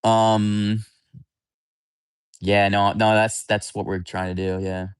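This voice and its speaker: A man's voice: lowish voice, little pitch movement, takes it slowly, clean tone, no echo, studio quality. A man hosting a livestream, chatting casually with viewers in a candid, rambling, blunt way. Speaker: livestream host.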